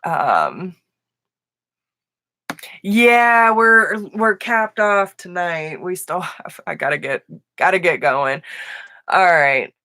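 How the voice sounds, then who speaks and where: Slow, bright-voiced woman reading tarot. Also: fairly low pitch, lively intonation, dry recording. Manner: affectionate, slow and emotional, laughs often. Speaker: tarot reader. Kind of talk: live-stream tarot reading.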